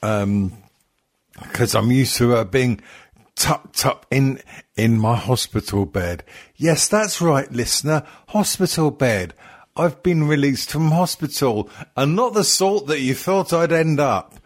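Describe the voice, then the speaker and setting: A man's voice: medium pitch, animated, slow pace. A man hosting a podcast, joking and swearing, tired, with lots of ums. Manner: swearing, joking, rambling with many fillers. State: tired and yawning. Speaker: podcast host. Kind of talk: crude casual podcast chat.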